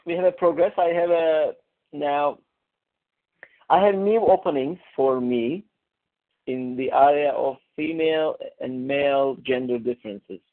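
Man on a tinny phone call. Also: fairly high pitch. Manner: halting, restarting and searching for words. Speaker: coaching client. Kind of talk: casual conversation on a coaching call. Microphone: call audio. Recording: narrow phone-line call audio.

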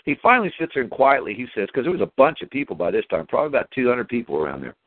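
A man calls in to a talk show and spins a lively story, pitched at an ordinary male level. He keeps acting out the back-and-forth himself. The sound is a dry, tinny phone line. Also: rapid-fire, no echo. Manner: animated, retells his own dialogue. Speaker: caller. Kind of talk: call-in storytelling.

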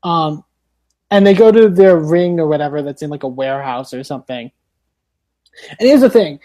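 Man, podcast co-host, casual chat, sarcastic, profane, mellow dark tone. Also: a little high, expressive, normal speed.

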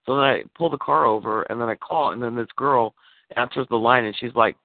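A man telling an animated story over a call, gravelly and full of cursing as he acts out what was said. His voice is dry, with a tinny phone-line sound. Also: medium pitch, a little fast, dry recording. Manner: animated storytelling, swearing, acting out quoted lines. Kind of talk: casual phone chat.

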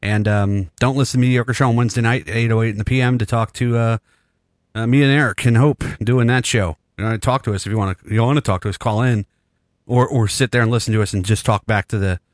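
Raspy male podcast host, low-ish voice, dry close mic, rambling self-deprecating sign-off. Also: fairly even intonation, fast, no room sound. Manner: rambling, self-mocking, laughs often. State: raspy, rattling chest from illness. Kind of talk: casual podcast sign-off chat.

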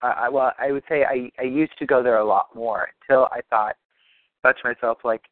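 A man with a mid-range, steady voice leads a practitioner call at a slightly fast clip, meandering and reassuring as he coaches casually and repeats himself a lot. He's on a phone or call line, so the sound is dry and phone-like with no room echo.

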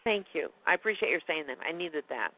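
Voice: medium pitch, very animated, quick pace. A guest telling a personal story in a rambling, indignant way during a casual phone conversation. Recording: tinny phone line, dry.

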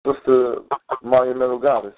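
A man hosting a call-in show, brisk and directive with his callers. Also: medium pitch, little pitch movement. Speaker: radio call-in host. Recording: tinny phone line.

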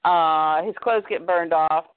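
Animated woman podcast co-host, phone-quality sound. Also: on the low side, takes it slowly, clean tone. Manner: animated, playful. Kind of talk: casual comic recap. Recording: tinny phone-like line.

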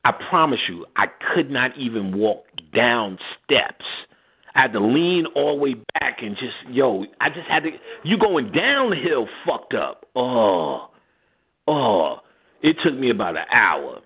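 A man hosting a radio show, spinning a rambling profane story and breaking into laughter, his pitch leaping all over as he acts out each person in it. His voice is a bit husky, and it comes through a thin, phone-like line. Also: sing-song, a little slow.

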